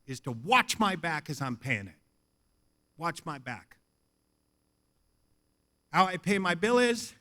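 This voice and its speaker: A man giving a funny recovery talk at a convention, telling casual stories and acting out conversations. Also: a little high. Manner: animated, casual, swears, acts out dialogue. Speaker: AA convention speaker. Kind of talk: humorous recovery talk, storytelling. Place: hotel convention hall.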